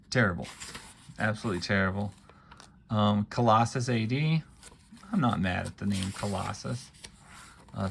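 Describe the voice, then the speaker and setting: A man's voice: lowish voice, gravelly, fairly bright tone, a little hiss or hum. A man giving wry, offhand running commentary while paging through a book, with plenty of ums and uhs. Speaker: book reviewer.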